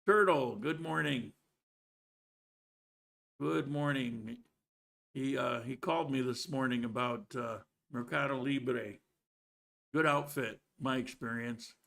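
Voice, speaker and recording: Man, gravelly voice, slow unhurried talk, casual live stream host greeting viewers. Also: mid-range voice, fairly bright tone. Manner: greets viewers by name, rambling with restarts. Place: living in Colombia.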